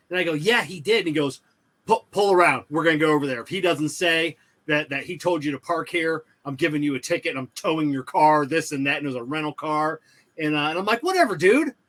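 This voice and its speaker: A man with a bright, forceful voice pitched a little high, co-hosting a podcast in relaxed conversation. He listens easily, laughs readily and answers with a story of his own. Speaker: podcast co-host. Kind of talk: casual chat.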